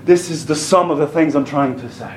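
A man preaching a sermon. He moves from plain Bible teaching to shouted fervor. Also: fairly high pitch, brisk, roomy sound, slight background noise, rough recording.

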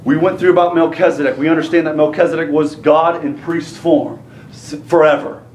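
A man with a high voice preaching a sermon, moving from steady Bible teaching to fervent shouting. The sound is roomy and echoing, as if from a church hall. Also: brisk, slight background noise. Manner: swells from plain teaching to shouted fervor.

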